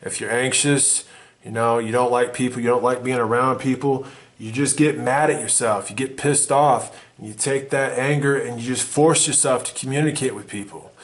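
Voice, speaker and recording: A man's voice: medium pitch, fairly even intonation, moderate pace. A man giving a blunt, swearing motivational monologue to the camera as a vlogger. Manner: intense, profane, emphatic.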